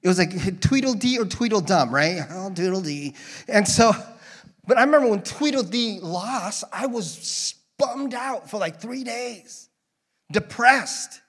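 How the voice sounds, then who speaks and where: A man gives a relaxed, off-the-cuff sermon in church, his voice sitting a little high. He jokes with the congregation and drifts into tangents before pulling himself back. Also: unhurried. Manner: rambling, joking, drifting into tangents. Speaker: guest preacher. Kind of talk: casual conversational sermon.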